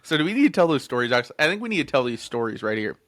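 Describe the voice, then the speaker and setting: Young male podcast co-host, mid-twenties, bright and animated delivery, profane and giggly storyteller. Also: medium pitch, racing. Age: 20s. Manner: profane, laughs often, lots of fillers.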